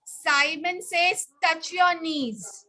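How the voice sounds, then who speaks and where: A woman teacher leading a children's class over a video call, coaxing and brisk as she calls on pupils by name. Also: very high voice, steady tone, pushed and bright.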